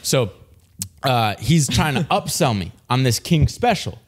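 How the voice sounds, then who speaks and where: A man's voice: medium pitch, big pitch swings, unhurried. Rambling laughing young man telling a story. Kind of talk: casual chat.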